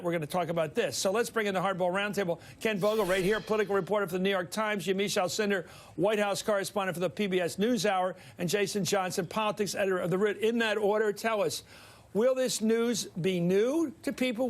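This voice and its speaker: An older male TV host with a Philadelphia accent and a notably high voice runs a studio panel. He wanders through his thoughts, breaking off mid-sentence and adding folksy asides. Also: fairly even intonation, fairly quick. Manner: rambling, self-interrupting, folksy asides. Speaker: TV news host. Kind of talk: cable news panel talk.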